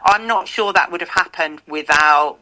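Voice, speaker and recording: Woman, podcast guest, low voice, bright tone, enthusiastic rambling chat. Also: normal speed, poor audio. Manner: open, enthusiastic, loose storytelling.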